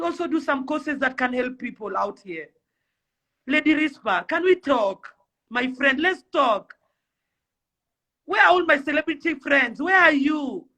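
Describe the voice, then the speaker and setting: A young Kenyan celebrity influencer rants passionately to camera in a high, bright, forceful voice. She sounds both pleading and fiery, firing off one rhetorical question after another.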